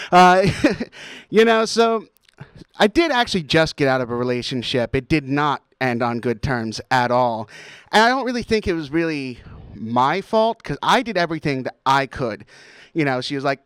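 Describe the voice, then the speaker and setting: A young man performs stand-up comedy, mocking himself and chuckling at his own lines. His pitch swoops animatedly and sits a little high. His voice is smooth and clear, and the studio sound is dry and close. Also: expressive, moderate pace, fairly bright tone, no echo. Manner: self-deprecating, laughs at his own jokes. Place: college TV studio.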